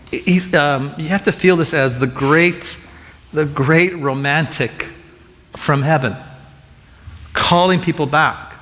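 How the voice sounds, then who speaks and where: A man with a high voice preaches to his congregation, animated and conversational. He restarts and doubles words as he gets going. The sound carries a long reverb, as in a church hall. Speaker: pastor. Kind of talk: sermon.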